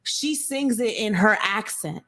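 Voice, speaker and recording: A woman hosts a podcast in a loose, playful way, at an average pitch. She teases her guest and laughs with him as she asks her questions. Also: expressive, unhurried, fairly bright tone. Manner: playful, teasing, laughs along. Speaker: podcast host. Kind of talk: casual interview chat.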